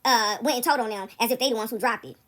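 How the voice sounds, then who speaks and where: Fast-talking high-voiced woman vlogger. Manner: animated, keeps asking "right?". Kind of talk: casual storytelling to viewers. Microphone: phone recording app.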